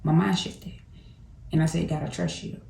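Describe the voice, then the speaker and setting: A woman's voice: deep voice, steady tone, moderate pace, creaky, warm tone. A woman vlogger chatting straight to her viewers from her home kitchen. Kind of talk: casual talk to the camera. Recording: echoey room.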